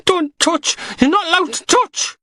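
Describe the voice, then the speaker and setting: A man voicing a frightened, weaselly little man with a Geordie accent, pleading in shrill panic. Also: huge pitch swings, slow pace, dry recording, studio quality, exaggerated voice. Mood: panicked.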